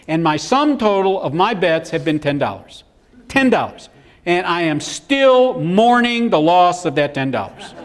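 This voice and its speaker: A middle-aged man speaking at a business seminar in a fairly high voice. His pitch moves a great deal as he tells his stories and acts out the people in them. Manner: animated storyteller acting out quotes. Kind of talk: live seminar presentation.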